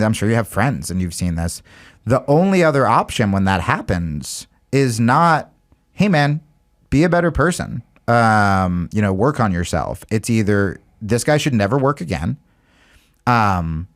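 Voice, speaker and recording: A man who is a comedian guest on a talk show, talking candidly and rambling in a self-deprecating way. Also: mid-range voice. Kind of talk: casual talk-show chat.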